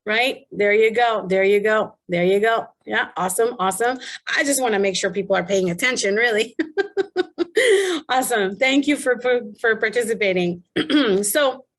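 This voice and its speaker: A woman's voice: medium pitch, normal speed. A middle-aged woman coaching public speakers in an online presentation, telling stories animatedly and asking rhetorical questions.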